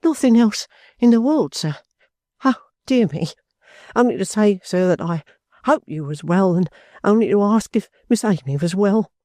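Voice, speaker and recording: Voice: mid-range voice, lively intonation, normal speed, warm tone, no room sound, clean studio sound, voice pushed up, natural voice. A reader voicing a humble, earnest young man who stammers and keeps saying "sir" in a storybook reading. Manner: stammering, deferential, many "sir"s.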